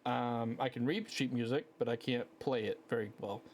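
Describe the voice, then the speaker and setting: A man's voice: medium pitch, fairly even intonation, moderate pace, darkish tone, a little hiss or hum. A man, hosting a casual solo podcast through a headset, telling rambling, profane, self-mocking stories. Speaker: podcast host.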